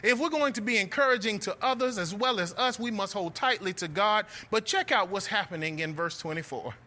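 A young man preaching a sermon, telling a story with animated delivery and calling his listeners friends. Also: high voice, a little fast.

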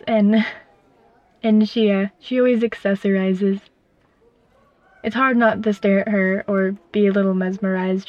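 A woman's voice: medium pitch, no room sound, dull audio. Wry, rambling woman storyteller. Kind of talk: first-person fiction narration.

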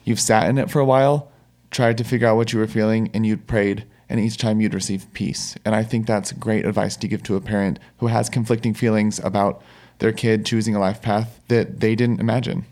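Calm, low-voiced male host. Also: brisk. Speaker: podcast co-host. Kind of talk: conversational interview.

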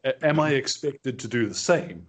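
A man's voice: mid-range voice, lively intonation, moderate pace. A man being interviewed on a podcast as a game master, chatting in a wry, self-deprecating way. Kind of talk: casual chat.

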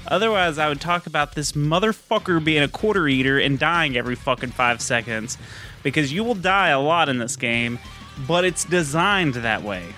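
A man's voice: a little high, expressive, normal speed, bright, forceful tone, faint music behind. A man co-hosting a casual podcast, rambling and swearing with lots of fillers. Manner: rambling, profane, with frequent fillers and laughs. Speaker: podcast co-host.

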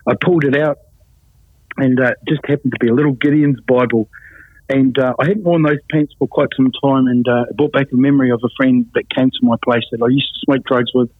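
A man's voice: medium pitch, slightly rough, no echo. A man giving a blunt, matter-of-fact account of his life as an interview guest. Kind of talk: personal testimony in an interview. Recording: tinny phone-like sound, dry.

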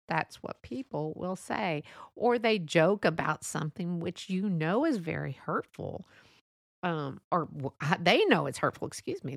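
A woman's voice: fairly low pitch, vocal fry, no echo, clean studio sound. A woman vlogger talking casually to camera, chatty and laughing often as she acts out what friends say. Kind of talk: casual monologue.

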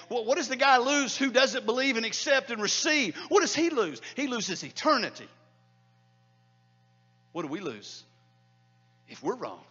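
In a church hall, a middle-aged male pastor preaches a sermon, his high, breathy-edged voice lurching from loud proclamations down to hushed near-whispers. The audio sounds dull.

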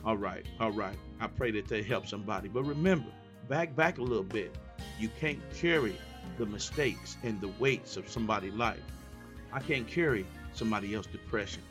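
A man preaching a sermon, moving from low asides to high, emphatic calls and repeated refrains. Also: moderate pace, music in the background. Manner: repetitive call-and-response preaching.

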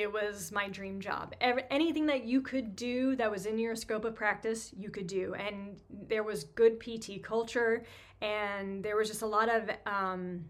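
New lady in her 30s, podcast host rambling through a story, lots of um and like, pokes fun at herself. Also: mid-range voice. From New York. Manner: chatty, self-deprecating, lots of fillers. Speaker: podcast host, physical therapist. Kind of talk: casual storytelling monologue.

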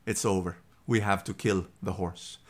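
A man's voice: fairly even intonation, normal speed. A man voicing a somber male veterinarian delivering warnings. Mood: grim. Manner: somber, warning, low-key. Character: grave male country veterinarian.

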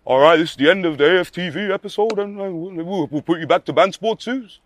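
A high, rushed voice of a flustered fan-channel host, as a man puts him on. He gabbles his words out apologetically, as if he is trying to wrap things up fast. A faint hiss sits under the voice. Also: close to an everyday voice. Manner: hurried, apologetic.

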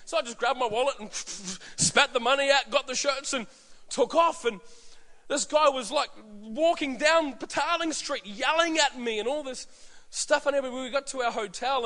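Preaching in a very high, bright, forceful voice, a man with an Australian accent tells stories during his sermon, performing different voices and often starting over. Hall reverb echoes through the recording.

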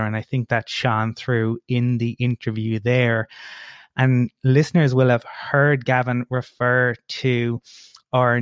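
A male podcast host thanks a guest and sets up the next interview in a measured, polished way. His voice sits in a middle register. The recording is dry and close. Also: medium pitch, no echo. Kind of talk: podcast wrap-up and introduction.

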